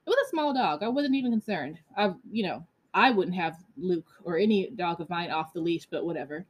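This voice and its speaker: A woman podcast host telling a story in a casual monologue, animated and blunt, with many fillers and some profanity. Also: fairly low pitch, brisk, slightly rough.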